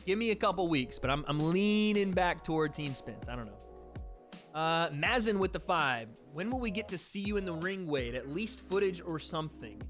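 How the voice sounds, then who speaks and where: A man's voice: on the high side, animated, normal speed, fairly bright tone, soft background music. A young man from the American South chatting casually on a livestream, reading donations and trailing off with laughs. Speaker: streamer hosting a watch party.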